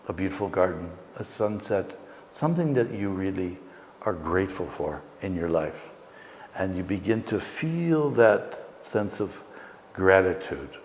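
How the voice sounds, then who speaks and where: A man teaching and leading a guided meditation, speaking slowly and gently in a soothing way. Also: sits low, big-room sound, a little hiss or hum. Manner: slow, gentle, soothing guidance.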